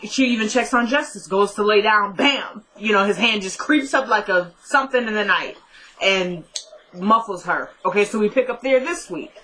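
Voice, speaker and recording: A young woman casually recapping a TV episode, telling it as an animated story and often laughing. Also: medium pitch, moderate pace, rough recording.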